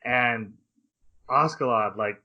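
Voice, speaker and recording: A man hosting a casual anime discussion podcast, retelling scenes with lively voice switches. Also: medium pitch, dull audio. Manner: animated retelling with quick voice switches. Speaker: podcast host.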